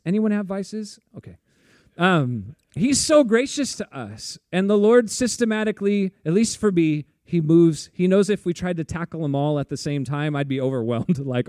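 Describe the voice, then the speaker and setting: A man's voice: sits high, mellow, no echo, clean studio sound. A man preaching a sermon in a casual, chatty way, laughing often and saying "like" a lot. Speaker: pastor.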